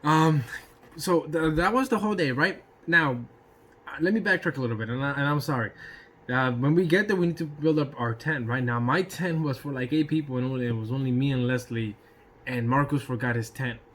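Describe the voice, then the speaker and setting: A man telling a casual personal anecdote in an animated way, swearing freely and throwing in sound effects. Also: medium pitch, brisk. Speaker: storyteller.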